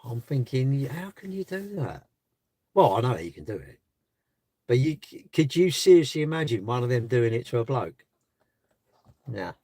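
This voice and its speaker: A man's voice: medium pitch, sing-song, normal speed, long pauses, mellow, no echo. Rambling man streaming live from his car. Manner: rambling, restarts, rhetorical questions. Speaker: livestreamer. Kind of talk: casual live stream chat. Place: parked car.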